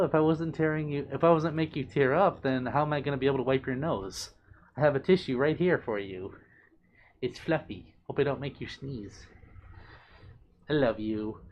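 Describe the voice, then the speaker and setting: A man's voice: mid-range voice, lo-fi sound, a little hiss or hum. A young man hosting a casual livestream, reading out viewer comments and answering them in a chatty, affectionate, playful way. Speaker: livestream host.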